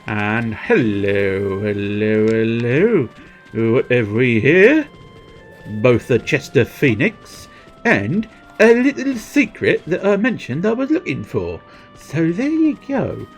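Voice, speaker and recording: A man's voice: fairly high pitch, wildly swooping pitch, takes it slowly, faint music behind. A man casually commenting on his gameplay on a livestream, rambling and playful, humming tunelessly and swearing now and then.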